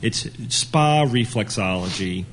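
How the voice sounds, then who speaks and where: A man's voice: fairly low pitch, expressive, slow pace. Laughing man hosting a live podcast. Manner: joking, laughing often. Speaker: podcast host. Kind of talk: live podcast panel banter. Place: on stage before a live audience.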